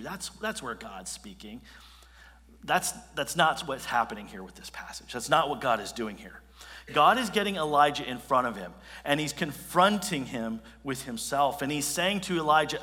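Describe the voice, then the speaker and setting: Forceful pastor preaching in a big hall. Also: male voice, medium pitch, animated, normal speed. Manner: conversational, restarts often. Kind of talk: sermon.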